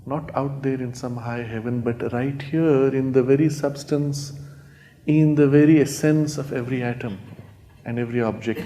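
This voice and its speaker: Mellow-voiced man giving spiritual talk. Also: mid-range voice, flat delivery, normal speed. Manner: gentle storytelling, asks listeners rhetorical questions. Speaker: spiritual teacher. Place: retreat talk before a live audience.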